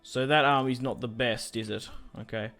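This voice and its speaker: A young gaming YouTuber gives casual, rambling commentary on a strategy game, thinking out loud with plenty of fillers. His mid-range voice is fairly even in intonation, normal in speed, and pushed and bright, with soft music in the background.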